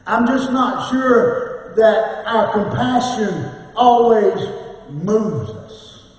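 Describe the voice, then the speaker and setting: A man's voice: high voice, extremely slow. A male pastor preaching a sermon, emphatic, at times breaking into a sung, chanting cadence. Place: church sanctuary. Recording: echoey church hall, mic at a distance.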